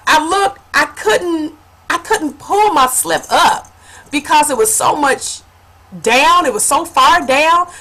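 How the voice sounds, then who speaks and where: A woman with a fairly high, bright voice tells a personal story straight to her viewers. She is animated and laughs often, and she keeps calling them honey. It sounds like a casual home vlog. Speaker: vlogger.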